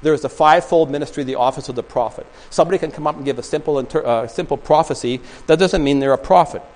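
A man's voice: fairly high pitch, fast talker, a little mellow, low-quality recording. A man preaching a sermon in a small church, telling stories and rambling with many restarts. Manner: rambling storytelling with frequent restarts. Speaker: pastor.

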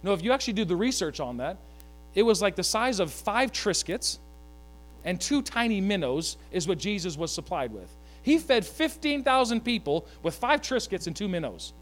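A man preaching a sermon, animated, with joking asides, asking the congregation to repeat lines after him. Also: sits high. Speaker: pastor.

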